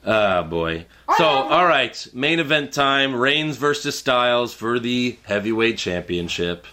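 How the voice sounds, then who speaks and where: Bright-voiced man recapping matches casually. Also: mid-range voice, animated, measured pace. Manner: laid-back, jokey play-by-play recap. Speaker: podcast co-host recapping wrestling. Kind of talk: casual chat.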